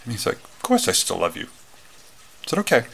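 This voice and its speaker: A man's voice: medium pitch, huge pitch swings, brisk, creaky, a bit bright, husky. A man telling a personal story in a casual talk, rambling with many fillers and restarts. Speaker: retreat speaker.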